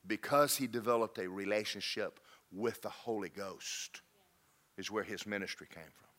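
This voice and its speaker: A man preaching a sermon in a church, telling stories and swinging from loud emphatic peaks to low quiet lines. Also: moderate pace. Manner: storytelling, rising to emphatic peaks then dropping low.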